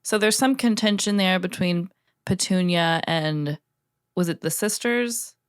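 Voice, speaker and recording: A woman's voice: lowish voice, unhurried, clean tone, no echo, clean studio sound. A woman co-hosting a podcast as a first-time reader, skeptical and blunt in casual chat. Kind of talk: casual book-club chat.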